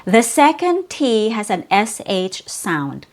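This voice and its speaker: A woman whose first language is Cebuano, teaching an English pronunciation lesson and slowly repeating sounds and words for the learner. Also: mid-range voice, big pitch swings. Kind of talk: slow, clear pronunciation lesson.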